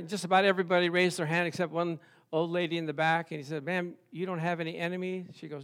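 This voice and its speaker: Lively pastor man telling stories. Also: high-pitched, brisk. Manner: storytelling with playful acted-out voices. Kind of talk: sermon.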